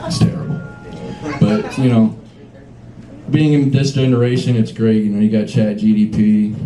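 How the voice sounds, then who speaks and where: A young man performing a rambling, profane stand-up set at a small bar, riffing with the audience. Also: on the low side. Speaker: stand-up comedian. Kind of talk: live stand-up comedy set. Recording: echoey room with crowd noise.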